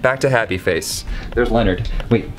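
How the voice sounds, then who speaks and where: A man's voice: on the low side, normal speed, soft background music. A young man chatting casually in a vlog, rambling and frank with a lot of swearing and an exasperated edge. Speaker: gaming YouTuber. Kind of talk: casual vlog house tour then game talk.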